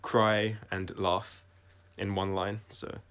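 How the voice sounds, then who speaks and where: A man talking through his own songs on a casual livestream, reflective and halting, often restarting his sentences and trailing off quietly. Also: on the low side, level tone, clean tone. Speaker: singer-songwriter explaining his songs.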